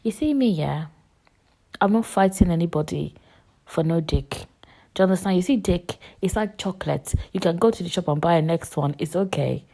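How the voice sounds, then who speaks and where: A woman in her twenties hosting a podcast, delivering a heated, profane rant full of repetition, with loud bursts and hushed asides. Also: fairly low pitch, normal speed, vocal fry. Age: 20s. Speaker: podcast host. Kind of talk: casual podcast monologue.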